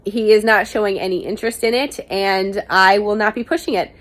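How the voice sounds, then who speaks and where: A woman's voice: medium pitch, steady tone, fairly quick, a bit bright. A young woman vlogger answering viewer questions in a candid, chatty, self-mocking way, swearing casually now and then. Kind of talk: casual Q&A chat to camera.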